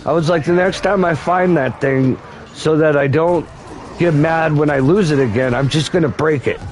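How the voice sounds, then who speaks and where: A man doing a scornful farmer uncle who ranks everyone out. The voice sits a little high and rants on and on in mockery. A faint hiss hangs under it. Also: moderate pace, a little mellow, close to an everyday voice. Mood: sarcastic. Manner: taunting, scornful, rambling rants. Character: sarcastic mocking farmer uncle, grown man.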